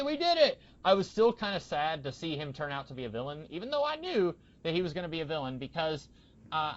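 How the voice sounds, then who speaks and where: Young man, podcast host, rambling casual chat, slightly high voice, dull lo-fi audio. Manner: rambling, many fillers and restarts.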